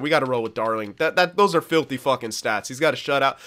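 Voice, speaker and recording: Young male gaming host, bright voice, frank and rambling, self-mocking laugh. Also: mid-range voice, quick pace, hardly any pauses. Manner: candid, rambling, swears often, laughs at himself. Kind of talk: casual gameplay commentary.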